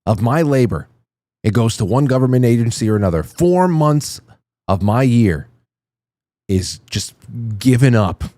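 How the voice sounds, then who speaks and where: A man's voice: mid-range voice, dark tone, dry recording. A man hosting a political commentary show, ranting with indignant, profane outrage. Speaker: show host.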